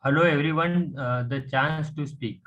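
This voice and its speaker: Hesitant Indian student on a dull call. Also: male voice, a little high, moderate pace, fairly bright tone. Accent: Indian English. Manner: hesitant, speaks in short fragments.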